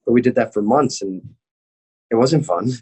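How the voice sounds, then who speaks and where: A man's voice: medium pitch, normal speed, darkish tone, breathy edge. A young man, an MMA fighter, telling a story in casual chat, cursing constantly and acting out the people he quotes.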